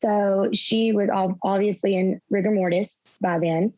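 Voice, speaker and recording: A young woman, a guest in an interview, retelling events through quoted dialogue in a soft, halting way with fillers. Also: medium pitch, fairly even intonation, no room sound. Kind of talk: personal storytelling in an interview. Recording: slightly dull, dry sound.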